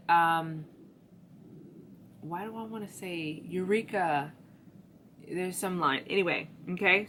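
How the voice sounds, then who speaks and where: Woman tarot reader, casual and chatty, speaks to viewers in a low, forceful tone. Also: a little hiss or hum. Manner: chatty and slangy, talks to viewers.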